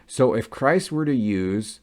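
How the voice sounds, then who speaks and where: A man's voice: mid-range voice, animated, takes it slowly. A man giving an earnest, casual explanation to viewers, often checking in with "okay?" and "right?" as he goes. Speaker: Catholic convert vlogger.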